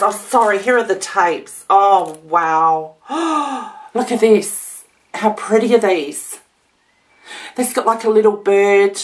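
Gushing, gasping woman. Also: mid-range voice. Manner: gushing, gasping, exclaiming often. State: teary, emotional. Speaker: vlogger opening a gift swap. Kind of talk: casual unboxing vlog.

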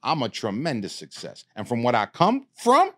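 Animated streetwise man telling stories. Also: mid-range voice, moderate pace. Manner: animated, streetwise storytelling with swearing. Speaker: podcast guest. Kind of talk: casual storytelling.

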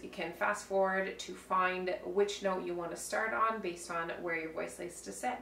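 A woman vocal coach guiding a vocal warm-up with calm, step-by-step cues. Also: medium pitch. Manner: calm, slow step-by-step cueing. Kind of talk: guided vocal warm-up instruction. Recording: roomy, heard from a distance, faint hum.

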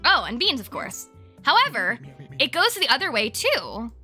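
A woman's voice: high-pitched, huge pitch swings, moderate pace, pushed and bright, faint music behind, exaggerated voice. A woman reading game dialogue aloud, voicing a theatrical, genteel male cat who guides a tea house.

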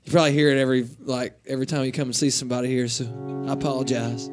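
A man's voice: mid-range voice, steady tone, rapid-fire, music in the background. A young man from Northeast Georgia with a Southern accent, a country singer chatting and joking casually between songs in a radio station lounge. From Northeast Georgia, USA. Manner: joking, rambling, easygoing. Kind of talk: casual on-stage banter.

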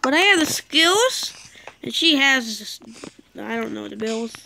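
A woman giving casual, excitable commentary while playing a game, with dramatic outbursts and mock sulking. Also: on the high side, takes it slowly, creaky, a little hiss or hum. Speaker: gameplay commentator.

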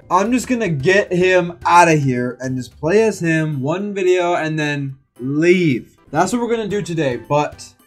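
A young man giving casual, chatty gameplay commentary as host, exclaiming often. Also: a little high. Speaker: let's-play host.

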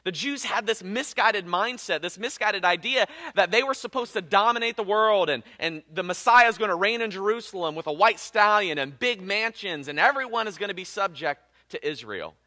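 A young man preaching a sermon as pastor, with expressive delivery that swings between loud emphasis and hushed low passages. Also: moderate pace, few pauses.

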